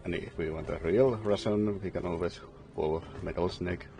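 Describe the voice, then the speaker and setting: Finnish-accented male co-host, low voice, dry deadpan humor, casual banter. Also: normal speed. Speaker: gaming stream co-host. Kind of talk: casual chat.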